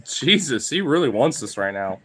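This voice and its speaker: A man's voice: mid-range voice, very animated, normal speed, fairly bright tone, slightly rough. A man vlogging in a rambling, filler-heavy casual chat, now and then talking to his dogs.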